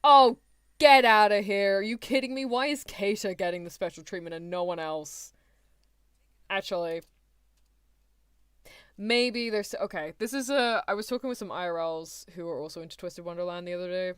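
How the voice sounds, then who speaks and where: A woman's voice: lowish voice, moderate pace, long pauses, smooth, dry recording, clean studio sound. A woman streamer giving rambling, chatty reaction commentary, often laughing mid-sentence.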